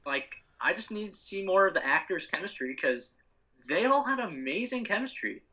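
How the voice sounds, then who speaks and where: A man's voice: high voice, sing-song, moderate pace, sharp tone. A man arguing his opinions about superhero movies in a casual podcast chat. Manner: opinionated, argues his points. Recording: muffled lo-fi sound.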